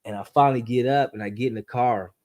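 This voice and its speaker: A man telling a true story as a podcast guest, acting it out with sound effects and speeding up and rising in pitch when the tension builds. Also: quick pace. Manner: animated storyteller, acts out voices and gunshots; speeds up and rises in pitch at tense moments.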